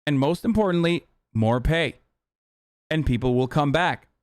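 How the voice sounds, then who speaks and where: A man's voice: a little high, a little slow, clear, resonant tone, dry recording, studio quality. A man streaming a reaction to a clip, ranting in a heated, profane, casual way.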